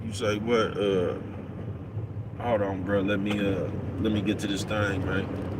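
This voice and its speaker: Streetwise trucker over road noise. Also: male voice, fairly low pitch, flat delivery, a little slow. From East Oakland, California. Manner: streetwise, profane, keeps asking "you know what I'm talking about". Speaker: truck driver vlogger. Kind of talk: casual vlog monologue answering comments. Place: inside a big truck cab on the road. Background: traffic and vehicle noise.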